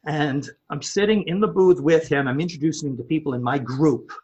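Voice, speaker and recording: A man who owns a home improvement company, telling a story in a podcast interview with animated delivery, often repeating words as he builds it up. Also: a little high, a little fast, husky, muffled recording.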